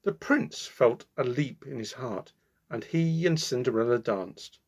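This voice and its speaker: Male storyteller, fairy tale read-aloud, slow, expressive, lively pitch. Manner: slow, expressive reading with dramatic pauses.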